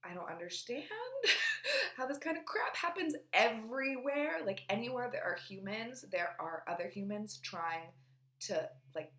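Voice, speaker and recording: Chatty young woman in an echoey room. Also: mid-range voice. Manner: chatty and rambling, lots of fillers, trails off into quiet asides. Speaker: book vlogger. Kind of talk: casual monthly reading wrap-up.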